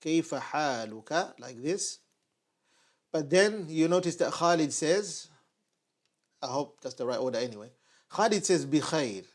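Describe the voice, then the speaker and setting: A man giving an online Arabic lesson at a whiteboard, patiently repeating phrases slowly for his learners. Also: a little high, expressive. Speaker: Arabic teacher.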